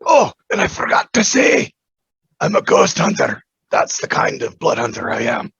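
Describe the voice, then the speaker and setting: A man playing a burned, skeletal dwarf dhampir priest in a raspy, grating voice with a put-on Scottish accent. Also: a little high, huge pitch swings, moderate pace, a bit bright, no echo, lo-fi sound, exaggerated voice. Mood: cheerful. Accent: mock Scottish. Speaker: player. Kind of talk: in-character tabletop introduction.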